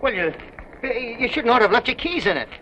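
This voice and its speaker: An actor playing a brash, fast-talking used car dealer in a 1930s comedy film. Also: male voice, very high voice, sing-song, pushed and bright, full character voice. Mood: brisk. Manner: brash salesman patter. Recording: dull 1930s film soundtrack, faint hiss.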